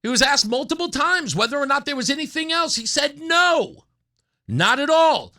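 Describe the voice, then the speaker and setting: A man's voice: very high voice, very animated, moderate pace, bright, forceful tone. A middle-aged man hosting a talk radio show, delivering an opinionated monologue and mocking opponents with put-on whiny voices.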